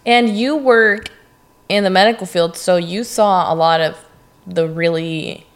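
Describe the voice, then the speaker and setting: A woman co-hosting a podcast in casual chat, talkative and quick to jump in with her opinions. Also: on the low side. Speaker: podcast co-host.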